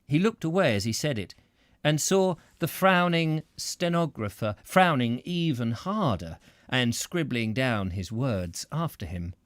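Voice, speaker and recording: Guy reading a novel aloud, slow, bouncy voice, dry close sound. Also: medium pitch, dry recording. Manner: expressive, lively narration with occasional slips. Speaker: audiobook reader. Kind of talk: scripted narration of a novel.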